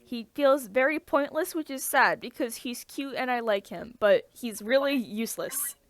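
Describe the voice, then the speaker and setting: A woman's voice: a little high, moderate pace, no room sound. A woman co-hosting a casual chat, talking with eager enthusiasm and many restarts. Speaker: podcast co-host.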